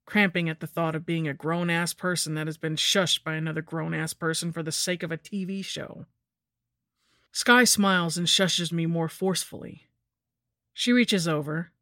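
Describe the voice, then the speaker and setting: A woman's voice: sits low, fairly bright tone, no room sound, studio quality. A woman narrating a scripted horror story in a wry, sardonic first-person voice.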